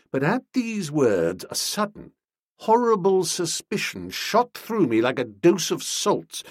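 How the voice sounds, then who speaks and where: A man narrates an audiobook with expressive, comic timing, his pitch sitting a little high and ranging very widely. His voice is husky, and the recording is dry and close. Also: no room sound. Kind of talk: scripted narration.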